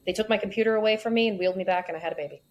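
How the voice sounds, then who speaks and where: A woman's voice: medium pitch, very fast, lo-fi sound. A woman in a candid interview, telling her story frankly with wry asides. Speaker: podcast guest.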